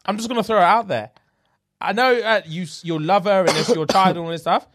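A man's voice: high voice, fast. A man, co-hosting a podcast in casual, joking banter full of slang. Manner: animated, joking, slang-heavy. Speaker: podcast co-host.

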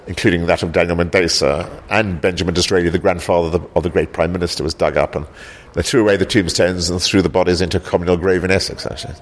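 Born in South Africa, he founded a heritage group in his area. In this interview his deep voice comes through with slight hiss or hum, and he hesitates, repeats himself, and keeps ending on "actually".

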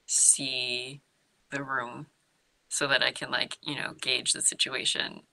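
A woman's voice: very deep voice, level tone, takes it slowly, creaky, a crowd in the background, rough recording. A woman casually recapping a film scene, storytelling with lots of "like" and acted-out quotes. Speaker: co-host recapping a horror film. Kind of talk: casual chat.

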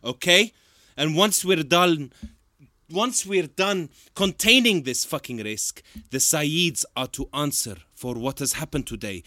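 A man voicing a foul-mouthed adventurer who speaks forcefully and insists on being believed. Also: a little high, expressive, unhurried, no echo, clean studio sound. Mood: insistent.

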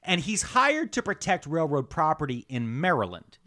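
A man hosting a casual comedy podcast, telling history in an animated, rambling, jokey way. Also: a little high, normal speed. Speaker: podcast host.

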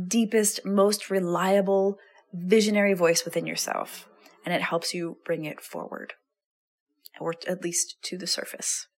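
Candid, swearing woman podcast host. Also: fairly low pitch. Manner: candid, swears casually, earnest and warm-hearted. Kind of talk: intimate monologue to listeners.

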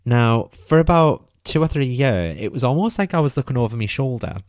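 A young British man hosting a podcast, telling his own story in an animated, self-mocking way and swearing freely. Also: mid-range voice, a little fast. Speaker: podcast host.

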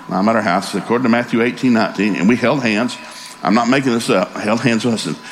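A man's voice: racing, a little hiss or hum. A middle-aged man preaching a sermon, telling personal stories and acting out both sides of the conversations. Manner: storytelling preacher, acts out both sides of conversations, lively jumps in pitch.

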